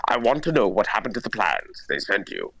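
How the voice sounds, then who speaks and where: A man voicing a menacing armored dark lord who speaks slowly and coldly, as a voice impression. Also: fairly low pitch, big pitch swings, gravelly, a little hiss or hum, voice pushed down, heavily acted, low-quality recording. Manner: slow, commanding, clipped. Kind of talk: voice impression for a demo reel.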